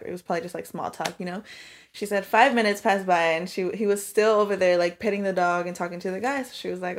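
Woman, podcast host, casual chat, storytelling, fast pace, mid-pitched. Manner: storytelling, heavy "like" filler.

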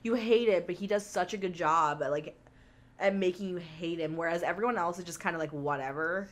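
A woman's voice: fairly low pitch, fairly quick. A young woman co-hosting a casual chat about movies, talking chattily with many fillers and frequent laughs. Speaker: podcast co-host.

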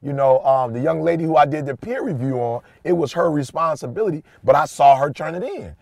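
A middle-aged man co-hosting a podcast, chatting casually and telling an animated, slangy story with lots of emphasis. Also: on the high side, brisk, gravelly, no echo. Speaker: podcast co-host. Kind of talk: casual chat.

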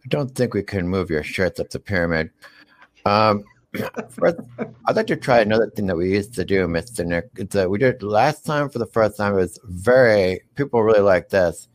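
A man hosting a comedy show, teasing his cohost in a playful, deadpan way. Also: lowish voice, normal speed. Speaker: host.

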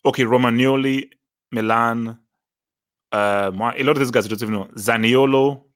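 A man's voice: mid-range voice, fairly even intonation, normal speed, fairly bright tone. Man, casual football talk, thinks aloud, stammering restarts, mid-range voice. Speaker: podcast co-host.

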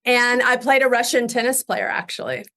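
A young woman chatting as an interview guest, telling animated stories and laughing often. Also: a little high, normal speed. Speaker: guest actress. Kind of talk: casual interview chat.

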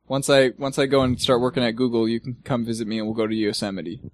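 A young man chatting loosely as a podcast co-host, wandering through his thoughts with lots of fillers and easy laughter. His voice sits at an ordinary middle pitch, and it sounds close and dry, with no room around it. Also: level tone, quick pace, no room sound. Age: young adult. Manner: rambling, laughs often, many fillers. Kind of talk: casual chat.

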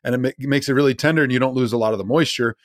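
A man co-hosting a podcast in casual chat, teasing with quick quips. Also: medium pitch, no echo, clean studio sound. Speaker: podcast co-host.

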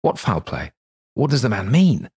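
A man reading the part of a brisk, peevish lawyer. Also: fairly low pitch, big pitch swings, darkish tone, breathy edge, voice pushed up, exaggerated voice. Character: peevish, irritable middle-aged male lawyer.

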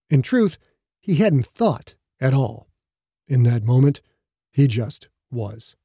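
A man reading a novel aloud as narrator, measured and even. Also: mid-range voice, dry recording, clean studio sound. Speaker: audiobook narrator. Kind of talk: scripted narration.

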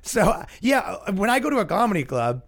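Male podcast host, comedian, slightly high voice, very lively pitch, profane, yelling tone, casual rant. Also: normal speed.

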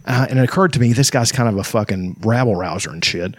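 A man's voice: medium pitch, fast, no room sound, clean studio sound. Profane rambling man in casual chat. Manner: swears a lot, rambling stories, laughs often.

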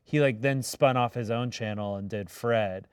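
Joking quick-talking male podcast host. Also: mid-range voice, clean tone, no room sound, studio quality. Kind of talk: casual podcast chat.

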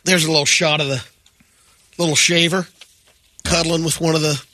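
A man reading news items on a morning radio show, steady with dry asides. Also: a little high, moderate pace, dry recording. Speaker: radio news segment host.

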